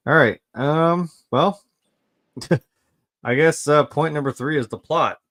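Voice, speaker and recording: A man co-hosting a casual chat, excitable, laughing often and swearing freely. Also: on the high side, slow pace, pauses often. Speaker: podcast co-host.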